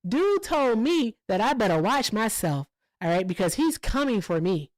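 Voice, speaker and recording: A woman livestreamer tells stories on a casual show, swearing freely and jumping up in pitch when she gets worked up. Her voice sits a little high, and the sound is dry and close with no room echo. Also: normal speed. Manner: profane, animated storytelling with sudden pitch jumps. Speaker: livestream host.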